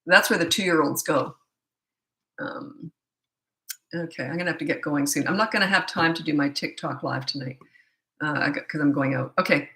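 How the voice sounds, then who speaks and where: A woman's voice: low-pitched, creaky, a bit bright, reverberant, rough recording. A middle-aged woman, a parenting coach, answering viewer questions on a live stream in a blunt, opinionated way. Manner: blunt and opinionated, quick asides.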